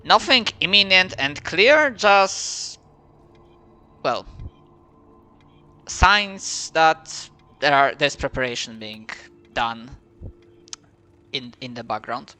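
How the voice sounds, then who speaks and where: Slow, bright-voiced man narrating a game. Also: a little high, expressive. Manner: slow, hesitant narration with many fillers. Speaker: game master.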